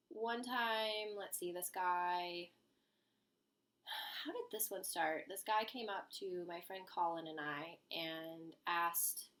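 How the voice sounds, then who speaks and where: A woman's voice: lowish voice, fairly bright tone. A young woman telling a story to the camera in a chatty, amused way, full of fillers and asides. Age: young adult.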